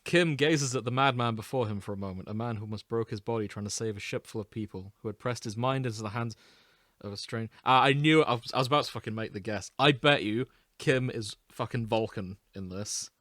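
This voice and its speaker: A man's voice: medium pitch, brisk, fairly bright tone, dry recording, studio quality. A man co-hosting a podcast in casual chat, playful and crude, laughing often. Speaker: podcast co-host.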